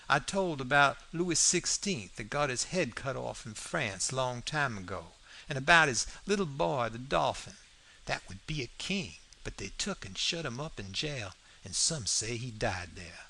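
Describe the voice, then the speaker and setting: A man's voice: medium pitch, bright, forceful tone, slight background noise. A man reading an audiobook aloud, in a folksy first-person storytelling manner with plain vernacular grammar. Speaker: audiobook narrator. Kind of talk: scripted narration.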